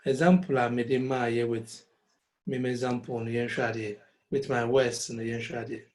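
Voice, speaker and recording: A man's voice: medium pitch, steady tone, normal speed, darkish tone, rough recording. A man teaching a music lesson over a call, explaining step by step and slipping Twi phrases into his English. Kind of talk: online lesson.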